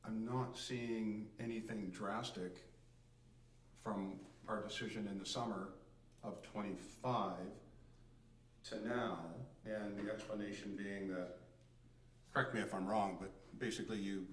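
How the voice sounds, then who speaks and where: A committee member, a man with a lowish voice, rambles and halts as he speaks. He sounds distant from the mic in an echoey room. There is faint background noise. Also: steady tone. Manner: rambling and halting. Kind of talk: casual remarks at a meeting.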